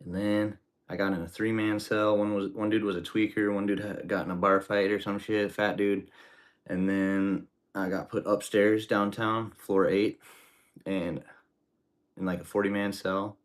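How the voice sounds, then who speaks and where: A man's voice: fairly low pitch, little pitch movement, unhurried. A man streaming as he cooks, telling rambling stories in casual, profane slang. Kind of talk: casual storytelling while cooking.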